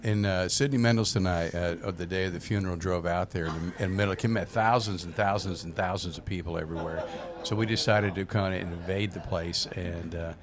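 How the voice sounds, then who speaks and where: An older man, a veteran radio host, telling a long story in relaxed talk with many fillers. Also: low-pitched, fairly quick, few pauses, a crowd in the background. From Memphis, USA.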